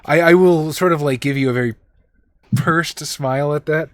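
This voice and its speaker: A man playing a tabletop game, chatting casually in a relaxed, wry way. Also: on the high side, normal speed, no echo. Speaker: player. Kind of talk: casual chat.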